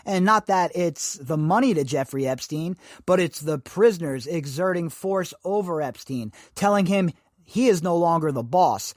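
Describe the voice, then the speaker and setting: This podcast host's voice is on the high side, with lively intonation and a moderate pace, captured at studio quality with no echo. He delivers emphatic, sarcastic opinions laced with rhetorical questions.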